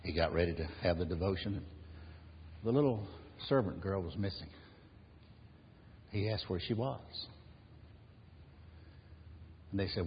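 A man preaching a sermon and telling stories, unhurried, letting his phrases drop to a hushed close. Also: deep voice. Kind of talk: sermon with storytelling. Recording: echoey hall, dull lo-fi sound, faint hiss.

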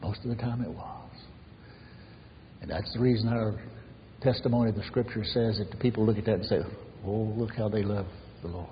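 Male pastor, very low voice, earnest sermon, hushed asides, long church reverb, muffled recording. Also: fairly even intonation, brisk, a little hiss or hum. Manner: earnest preaching, drops to soft near-whispers for emphasis.

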